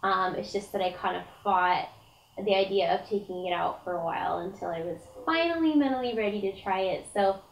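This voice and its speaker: A woman's voice: medium pitch, fairly quick, gravelly, a little hiss or hum, poor audio. A young woman chatting casually to camera as a diet vlogger, with lots of fillers and restarts, and her voice is wearing out. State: losing her voice. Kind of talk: casual vlog talk to camera.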